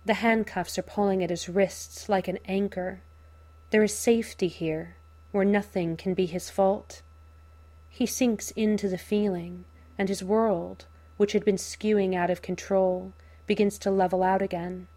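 A woman narrating a fan fiction audiobook in a measured, unhurried storytelling manner. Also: mid-range voice, steady tone, dark tone.

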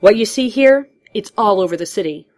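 A woman voicing a panicked young male police officer, urgent and shouting under fire. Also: medium pitch, lively intonation, fairly quick, pitched above the performer's own voice, lightly acted.

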